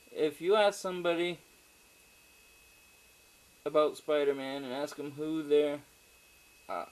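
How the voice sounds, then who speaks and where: A man with a fairly high, darkish-toned voice gives a casual, rambling spoken movie review on a low-quality recording. He swears freely and often trails off into fillers, asides, and digressions.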